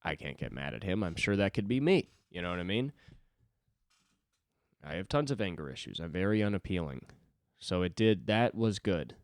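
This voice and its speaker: A man with a low voice talks alone at his desk in a loose, rambling monologue, running himself down and swearing freely. His pitch swings widely as he talks. The sound is dry and close, with no room around it. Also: big pitch swings, moderate pace, long pauses, no echo. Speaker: stand-up comic and podcast host. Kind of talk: solo rambling podcast monologue.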